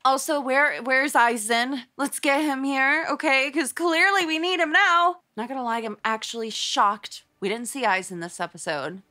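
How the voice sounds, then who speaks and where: A young woman reacting to an anime episode, expressive and exasperated, with frequent gasps and groans. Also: sits high, moderate pace, few pauses. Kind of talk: live reaction commentary.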